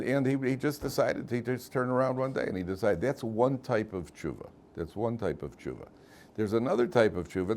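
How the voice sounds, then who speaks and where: A middle-aged man teaching a class as a rabbi, telling stories and jokes, often repeating and restarting his phrases. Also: fairly low pitch. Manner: animated storyteller, repeats phrases, many restarts. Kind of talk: casual lecture with jokes.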